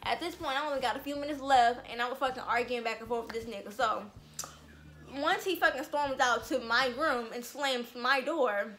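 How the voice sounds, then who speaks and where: A young woman telling a storytime vlog, animated and blunt, swearing freely. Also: high voice, a little fast. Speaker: vlogger.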